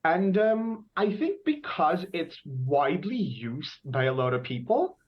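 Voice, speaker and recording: A man with a Filipino accent answers questions in a speaking test, with a thoughtful, measured delivery. His intonation rises and falls freely. The sound is dull and lo-fi, like audio from a video call. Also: fairly high pitch, sing-song. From Philippines. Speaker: test candidate.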